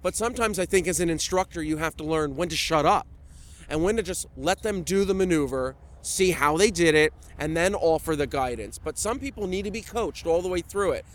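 A man's voice: fairly high pitch, animated, fairly quick. A man, a flight instructor, talking chattily and with animation in an interview. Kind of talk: enthusiastic interview talk.

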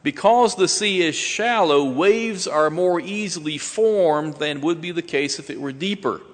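A man preaching a sermon slowly and deliberately, with dramatic pauses and rising emphasis. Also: on the high side, in a large hall.

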